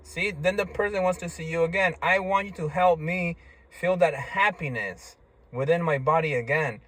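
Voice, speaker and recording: A man's voice: fairly high pitch, normal speed, fairly bright tone. A man talking in a casual, rambling monologue, stammering through restarts and tagging lines with "right?" and "you see?".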